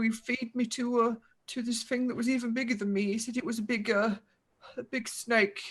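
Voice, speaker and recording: A woman's voice: fairly high pitch, lightly acted. Woman doing a stammering, frightened little goblin. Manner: stammering, rambling and pleading. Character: timid, whimpering male goblin captive. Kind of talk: tabletop role-play voicing.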